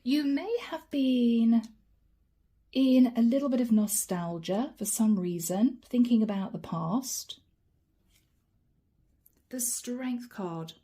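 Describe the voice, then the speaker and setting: A woman delivers a channeled tarot reading, talking straight to the listener and calling them by their star sign. Her voice sits a little high but sounds deeply mellow and warm. She keeps the talk animated, then drops to a near whisper each time she names a card. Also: slow pace, long pauses. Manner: drops to a soft whisper when naming cards. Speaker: tarot reader.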